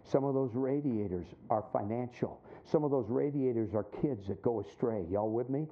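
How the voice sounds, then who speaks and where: A middle-aged man preaching a sermon, telling a story with acted-out voices and dropping low and quiet for his points. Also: moderate pace. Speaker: pastor. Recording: tinny phone-like sound.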